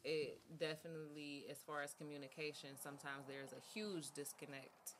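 A woman's voice: low voice, fairly even intonation, normal speed, noisy background. A woman in a casual podcast chat, talking thoughtfully and searching for words as she goes.

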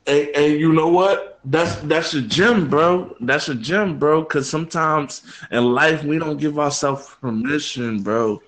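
A man's voice: fairly high pitch, unhurried, hardly any pauses, fairly bright tone, poor audio. A man hosting a casual podcast chat, talking in an earnest, heartfelt way and calling his co-host "bro" again and again.

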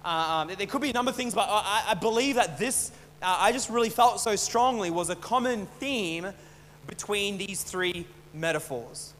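Male pastor, loose stop-start delivery, high voice, echoing hall with a low hum. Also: normal speed, fairly bright tone. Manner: casual, repeats and restarts words. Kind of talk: conversational sermon. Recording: long hall reverb, faint hum.

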